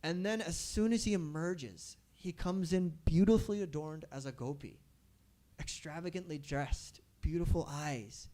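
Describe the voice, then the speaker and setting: A man telling a devotional story to a live audience at a temple gathering, animated and asking the audience questions. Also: fairly high pitch, unhurried.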